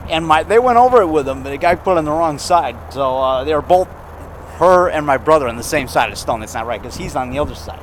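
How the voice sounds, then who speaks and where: A male vlogger in his fifties from the Chicago area rambles through a digressive monologue in an outdoor cemetery, talking in fragments full of fillers, restarts, and self-corrections. His voice is fairly high, with lively intonation and a quick pace. The handheld camera mic gives a rough recording with slight background noise.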